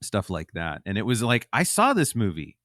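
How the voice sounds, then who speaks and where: A man's voice: fairly low pitch, huge pitch swings, moderate pace, a bit bright, dry recording, studio quality. A man chatting as a podcast guest, rambling with lots of ums and restarts. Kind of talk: casual chat.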